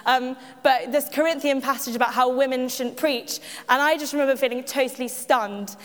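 A woman's voice: sits high, fairly even intonation, moderate pace. A woman giving a personal testimony at church, chatty and self-mocking, with frequent laughs and asides to the audience. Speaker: church speaker. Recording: echoey hall.

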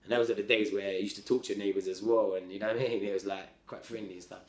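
A man telling his story as a podcast guest in a slangy, rambling, animated way. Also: on the low side, very fast. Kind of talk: casual storytelling. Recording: roomy echo.

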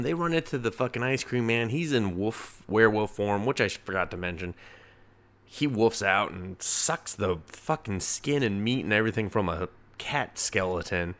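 A young man with a slightly low voice talks through this week's comics in a loose, unscripted ramble. He swears constantly, circles back on himself, and chuckles at his own asides, like a solo review podcast. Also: animated, normal speed, a bit bright. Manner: profane, rambling, laughs at his own jokes.

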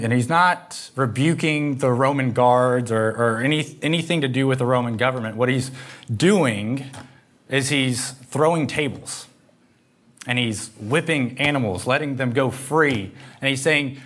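A man with a middle-pitched voice preaches a sermon as a story told in the second person. He acts out the quoted lines as he retells the events. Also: measured pace, fairly bright tone.

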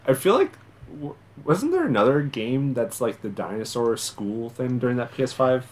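A man's voice: medium pitch, sing-song, normal speed, darkish tone. A man in a casual podcast chat, laid-back and slangy, laughing often.

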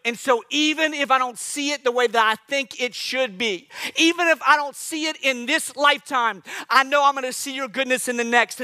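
A man preaching a sermon in an emphatic, conversational way, drawing out phrases and dropping to a hush. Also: very high-pitched.

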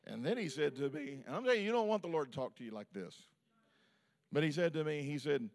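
A man preaching a sermon as pastor, swinging between loud, shouted peaks and quiet, low asides. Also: expressive, fast.

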